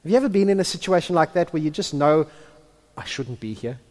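A man preaching a sermon who builds to impassioned, near-shouted peaks and then drops to hushed tones. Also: on the high side, lively intonation, quick pace. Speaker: pastor. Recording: long hall reverb.

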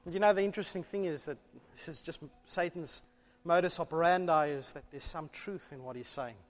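A man preaching a sermon in church, telling a story with animated delivery and rhetorical questions. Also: a little high, brisk. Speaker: pastor. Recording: long church reverb.

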